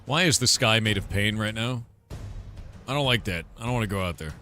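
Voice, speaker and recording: Low-ish voiced guy streaming a game, joking around and trolling chat, soft music behind. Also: brisk. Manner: playful teasing, mock mispronunciations. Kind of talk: casual gameplay commentary.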